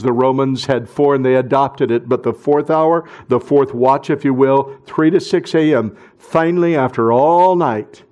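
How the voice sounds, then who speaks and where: A male pastor preaching a sermon, swinging from loud emphatic bursts down to hushed, near-whispered phrases. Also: medium pitch.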